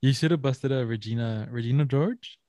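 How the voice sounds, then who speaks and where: A young man co-hosts a casual podcast, chiming in with sassy, playful banter. His pitch is in the middle range. He is recorded close and dry. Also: a little fast, dark tone, no room sound. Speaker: podcast co-host. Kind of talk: casual chat.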